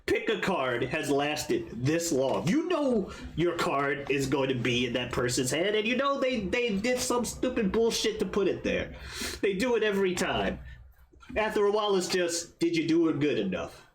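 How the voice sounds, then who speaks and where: A man co-hosting a relaxed movie review, talking in a fairly high, very lively voice that swings up and down. He laughs often and drops playful asides. A faint hiss of noise sits behind the recording. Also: normal speed. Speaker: podcast co-host. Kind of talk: casual movie review chat.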